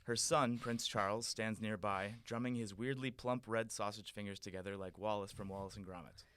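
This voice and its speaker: A man's voice: on the low side, fairly even intonation, moderate pace, fairly bright tone, smooth. A man reading his own comedy script aloud, dry narration that breaks into chuckles. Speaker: comedy podcast guest writer.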